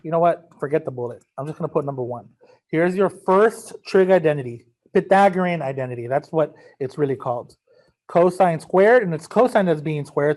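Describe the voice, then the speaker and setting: Joking high-voiced math teacher. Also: male voice, a little mellow. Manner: joking, casual, talks to students as guys. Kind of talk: recorded class lecture.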